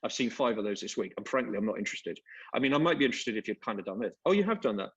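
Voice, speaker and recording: A man's voice: lowish voice, animated, rapid-fire, breathy edge, muffled recording. A man playing a dismissive British investor. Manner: curt, dismissive.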